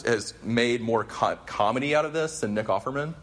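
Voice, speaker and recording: A man's voice: mid-range voice, moderate pace, fairly bright tone. A man giving a conversational sermon and a prayer to a gathering in a room, earnest and casual, with many fillers and restarts.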